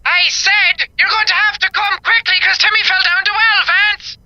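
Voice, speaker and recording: A woman voicing a frantic female caller who shouts urgently down a phone line. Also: extremely high pitch, fairly even intonation, normal speed, full character voice. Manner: urgent, shouted, hard to understand. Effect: phone filter. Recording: noisy tinny phone line.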